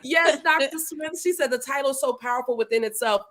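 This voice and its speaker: A woman's voice: high voice, fairly quick, a bit bright, slight background noise. A woman hosting a live interview stream, chatting casually and playfully and greeting viewers by name. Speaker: livestream host. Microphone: livestream setup.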